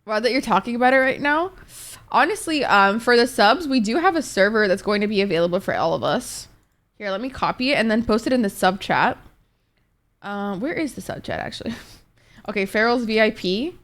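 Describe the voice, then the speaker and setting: A woman's voice: on the high side, expressive, fairly quick, fairly bright tone. A woman streaming live and chatting casually with her viewers, rambling laid-back and swearing freely as she answers chat messages. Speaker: Twitch streamer.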